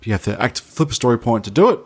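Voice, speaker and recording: A man co-hosting a gaming podcast as a game master, giving relaxed, rambling explanations. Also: mid-range voice, fast talker, slightly rough. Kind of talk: casual podcast chat.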